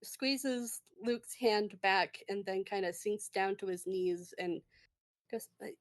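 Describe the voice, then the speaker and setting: Slow-paced woman narrating as game master. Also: medium pitch. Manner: rambling, filler-heavy, laughing.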